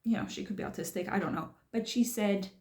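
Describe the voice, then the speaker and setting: A woman's voice: mid-range voice, fast talker, darkish tone. Woman talking through a book in a roomy echo. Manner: thinks aloud, explaining step by step. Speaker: channel host discussing a self-help book. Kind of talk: casual spoken book commentary.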